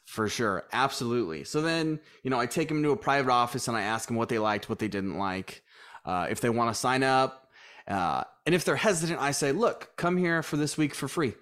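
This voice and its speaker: A man's voice: medium pitch, a little fast. A man guest in a casual interview, telling stories and acting out the lines of the people in them. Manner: animated storyteller, acts out quoted dialogue. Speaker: gym owner guest.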